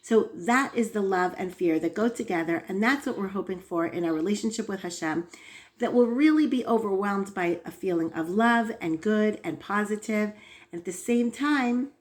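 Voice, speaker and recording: Woman teaching an informal faith lesson. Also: mid-range voice. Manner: conversational, checks in with "right?"; unhurried, thoughtful. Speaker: religious teacher.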